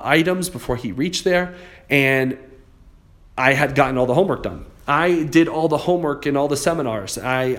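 A man of middling pitch telling a motivational story. He talks conversationally and loosely, doubling back and repeating words as he builds his point. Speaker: real estate investor and public speaker.

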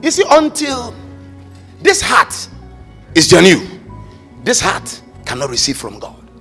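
A pastor preaching a fervent sermon, swinging between loud shouted calls and quiet asides, slipping into sung phrases. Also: male voice, sits high, huge pitch swings, slow, creaky, faint music behind.

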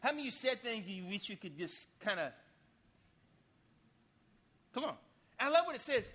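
A male pastor preaching in a church with a high, bright voice. He swings between quiet asides and loud, lively bursts, telling stories in a folksy way. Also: breathy edge. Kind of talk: sermon.

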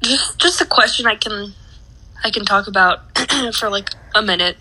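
Bright-voiced young woman chatting casually. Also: mid-range voice, normal speed, breathy edge, low-quality recording. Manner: chatty, frequent "like" and cursing. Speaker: podcast host. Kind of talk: casual chat.

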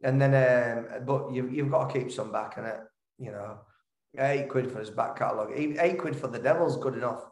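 A man's voice: medium pitch, brisk, darkish tone. A man, a band member telling stories as a guest, stumbling and restarting as he chats. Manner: chatty storyteller, stumbles and restarts, laughs through the story. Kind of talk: casual anecdote-telling. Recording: roomy echo.

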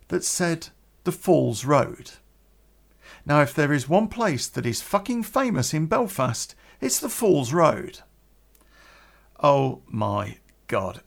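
Casual British male storyteller with a gravelly, mid-pitched voice; swears freely and rambles through fillers. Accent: British English. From Britain. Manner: profane, animated, with many fillers and restarts. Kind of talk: personal anecdote told casually.

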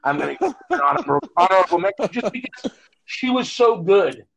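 A man's voice: high voice, sing-song, a little fast, gravelly, very noisy. A man co-hosting a podcast, chatting casually and rambling with many fillers and restarts, on a phone. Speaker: podcast co-host. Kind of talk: casual chat. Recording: dull lo-fi phone audio.

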